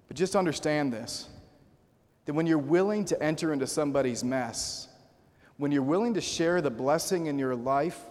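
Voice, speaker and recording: A man preaching a sermon, telling a personal story and acting out the voices in it. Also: medium pitch. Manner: storytelling, acts out quoted voices. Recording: long reverb of a large hall.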